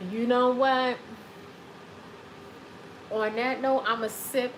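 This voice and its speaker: A woman hosting a live stream, reading chat comments and giving dating advice in a sassy, animated way, with speech. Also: on the high side, unhurried, pauses often, background noise. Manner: sassy, animated, repeats phrases for emphasis.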